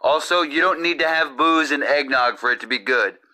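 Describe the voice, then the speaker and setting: A man's voice: fairly high pitch, moderate pace, bright, forceful tone. A man hosting a comedy podcast from his home kitchen, rambling through profane jokes. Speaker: podcast host. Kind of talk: crude comedic monologue. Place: home kitchen with cooking going on.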